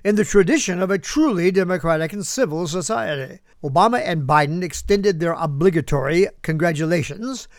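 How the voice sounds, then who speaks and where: A man's voice: sits high, expressive, fairly quick, few pauses, dry recording, clean studio sound. A man hosting a political commentary show, sarcastic, talking back to an unheard listener. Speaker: host.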